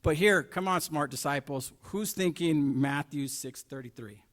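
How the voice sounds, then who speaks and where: Shifting from soft asides to forceful emphasis, a middle-aged preacher poses rhetorical questions throughout his sermon. He speaks a little slowly, in a fairly high-pitched voice.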